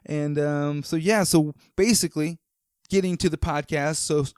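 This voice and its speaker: Smooth, dry-sounding podcast host, a man. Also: on the high side, fairly even intonation, moderate pace, a little mellow, dry recording. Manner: rambling, enthusiastic, frequent fillers and restarts. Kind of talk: casual chat.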